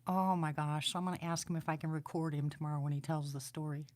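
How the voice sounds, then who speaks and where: A woman vlogging at night from indoors by a window, chatting to her viewers through an external microphone in an animated way, sometimes dropping to a whisper. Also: low voice, fast talker. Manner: chatty, animated storytelling, drops to a whisper at times. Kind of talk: casual chat to viewers. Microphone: external microphone near a window.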